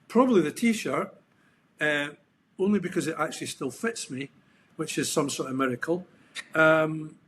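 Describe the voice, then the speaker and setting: A man's voice: a little high, fairly bright tone, a little hiss or hum. A middle-aged Scottish man, a podcast guest, telling stories in a reflective, rambling way with frequent restarts and ums. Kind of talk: casual interview chat.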